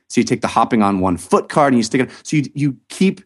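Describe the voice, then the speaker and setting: A man's voice: mid-range voice, very animated, fast talker. A man hosting a casual podcast, chatting enthusiastically and rambling with frequent restarts and fillers. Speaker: podcast host.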